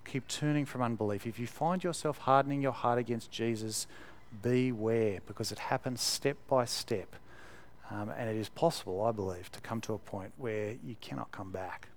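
A man giving a sermon in a relaxed, conversational way, with fillers, repeated words and emphatic stresses. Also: mid-range voice, normal speed. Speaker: preacher.

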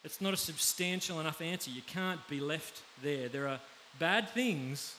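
A man with an Australian accent preaching a conversational sermon, often pausing to check in with his listeners. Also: fairly high pitch, expressive, sharp tone. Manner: conversational, pauses to ask the audience. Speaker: pastor. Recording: faint background hiss.

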